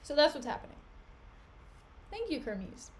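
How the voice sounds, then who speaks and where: A woman's voice: high voice, big pitch swings, a little slow, slight background noise. A young woman streaming, retelling a play in a chatty, slangy way, her voice still recovering.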